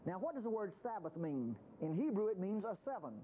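A man's voice: high voice, big pitch swings, brisk. A man preaching a Bible-teaching sermon in a folksy, conversational way. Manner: folksy, conversational, acts out quotes in voices. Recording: tinny phone-like radio broadcast with faint hiss.

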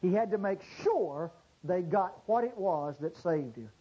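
A man preaching a sermon to a congregation, swinging from low murmurs to loud exclamations and drawing out key words. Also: lively intonation, breathy edge, muffled recording. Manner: drawn-out stressed words. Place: church service before a congregation.

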